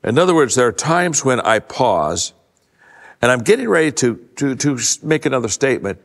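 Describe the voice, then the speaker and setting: An older man in a mid-range voice gives a folksy keynote talk, telling stories with plenty of stammered restarts. He sinks his voice low to hammer home key points. The sound carries a long reverb from a large event hall. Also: sing-song, normal speed. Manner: folksy storyteller, many stammered restarts, drops low for emphasis. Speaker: leadership speaker. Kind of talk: conversational keynote talk to a live audience.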